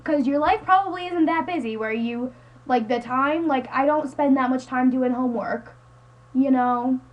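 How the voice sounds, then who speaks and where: This is a high school student vlogger in her teens, ranting at home on webcam with a high voice at normal speed. She rambles in exasperation and leans heavily on "like." The sound is dull.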